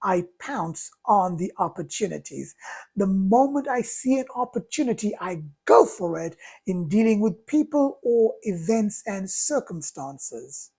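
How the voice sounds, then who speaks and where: A woman giving a motivational talk, speaking in deliberate, emphatic, drawn-out phrases. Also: medium pitch, sing-song, vocal fry, a little mellow, husky.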